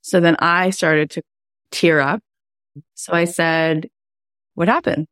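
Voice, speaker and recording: Low-voiced woman telling a heartfelt story. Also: level tone, takes it slowly, a bit bright, clean tone, no room sound, studio quality. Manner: chatty and heartfelt, many "like" fillers. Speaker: life coach and podcast host. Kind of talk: casual personal storytelling.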